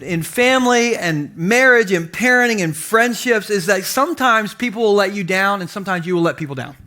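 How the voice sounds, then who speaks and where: A man in his forties preaching with humor, telling self-deprecating stories and acting out the voices in them. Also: sits high. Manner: animated, self-deprecating, acts out quotes. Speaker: pastor. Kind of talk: humorous storytelling sermon. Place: church stage before a congregation.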